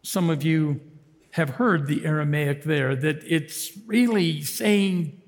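Man, lay preacher, sermon, high voice, animated, loud to hushed. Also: takes it slowly, long reverb tail. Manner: animated, swings between shouting and hushed tones.

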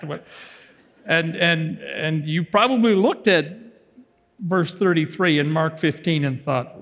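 A man giving a sermon as a lay preacher, animated and swinging between shouts and hushed tones. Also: on the high side, normal speed, big-room sound.

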